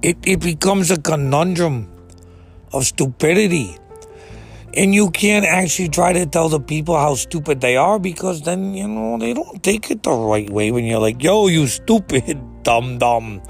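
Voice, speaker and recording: A man's voice: fairly high pitch, lively intonation, moderate pace, gravelly, soft background music. A man delivering a profane, exasperated comedic rant, swearing freely and climbing into outbursts. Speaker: ranting commentator.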